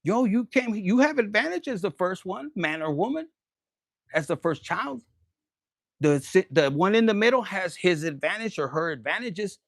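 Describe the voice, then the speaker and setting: A man's voice: high voice, lively intonation, moderate pace, no room sound, clean studio sound. A man giving a collective tarot reading in a streetwise, profane, preachy way, slipping into Spanish phrases. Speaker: tarot reader.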